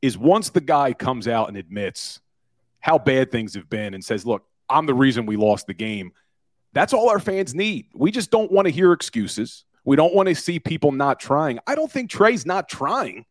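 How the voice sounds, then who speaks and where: A man's voice: mid-range voice, very animated, normal speed, no room sound. A forty-year-old man talks sports on a radio show. He tells stories with energy and a bit of self-deprecation. The studio mic is close and dry, with no room sound. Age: 40s. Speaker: guest, podcaster and former lawyer. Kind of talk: casual sports radio interview.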